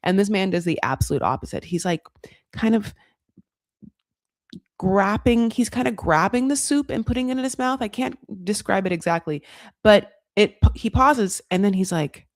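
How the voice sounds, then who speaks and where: A woman's voice: medium pitch, animated, moderate pace, no room sound, clean studio sound. A woman hosting a comedic reality TV recap, chatty and sarcastic, who calls the viewer honey and acts out quotes between laughs. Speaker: host.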